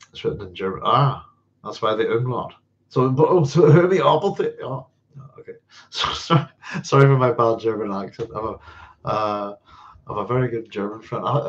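Guy hosting a live sci-fi q&a, lots of ums and false starts, chuckles a bit, muffled lo-fi sound. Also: on the low side. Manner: hesitant, rambling, many fillers and restarts; chuckles often. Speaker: host of a live science fiction Q&A. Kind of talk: casual livestream chat answering viewer questions. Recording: dull lo-fi sound.

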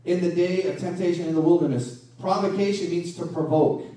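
A man preaching a sermon as pastor, animated and full of rhetorical questions, recorded from a distance in a church hall. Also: sits high, brisk. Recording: echoey room from a distance.

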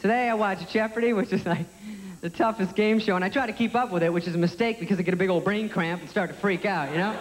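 A young man in his twenties doing a stand-up comedy set, sarcastic and self-deprecating. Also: quick pace. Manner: sarcastic, self-deprecating, jumps into high squeaky voices for characters. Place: theater stage before a live audience. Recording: live stage recording in a large hall with audience noise.

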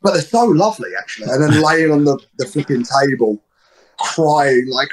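A man with a London accent tells stories with a blunt, slangy edge, cursing freely as he goes. His voice sits a touch high for a man. It is a casual, laid-back interview. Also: normal speed, rough recording. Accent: London English. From England. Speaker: guest wrestler.

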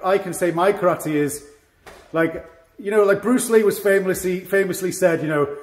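In an echoey training hall, a karate instructor with a high-sitting voice explains technique to his class at a moderate pace. He's chatty, demonstrates moves, and makes small self-mocking jokes.

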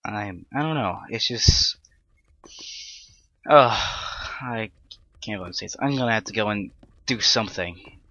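A man's voice: lowish voice, a little slow, long pauses, pushed and bright, no room sound, lo-fi sound. A young man giving casual, rambling commentary on his own gameplay, self-deprecating and prone to sudden panicked outbursts. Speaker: Let's Play gamer.

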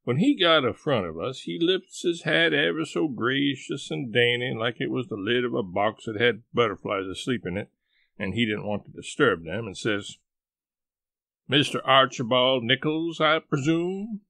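A man reading a novel aloud, telling it in a folksy dialect with lively storytelling. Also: medium pitch, normal speed, creaky, no room sound. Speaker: audiobook reader. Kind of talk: scripted narration of a novel.

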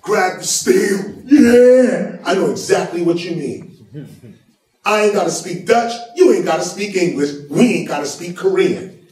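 Man lecturing, high voice, lively swoops in pitch, emphatic preaching, echoey hall, heard from afar, faint music behind. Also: normal speed, far from the mic. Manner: animated, preaching, emphatic, chuckles between points. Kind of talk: public lecture to an audience.

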